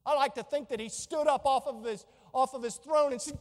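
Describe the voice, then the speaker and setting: A fervent woman preaching with a very high voice. She builds her sermon through repeated rhetorical questions, and her voice rings out with a long hall reverb behind it. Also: fairly quick, hardly any pauses, a little mellow.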